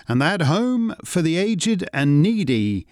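A man from Canada delivering scripted commentary in an emphatic, articulate way. His voice sits a little high and moves lively up and down. The sound is close and dry. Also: slow pace, no echo. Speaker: commentary host.

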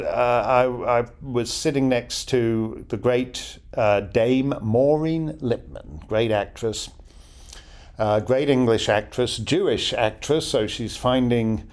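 A middle-aged man hosting a casual listener Q&A, wry and digressive with chuckling asides. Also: medium pitch. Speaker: podcast host answering listener questions. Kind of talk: casual Q&A chat.

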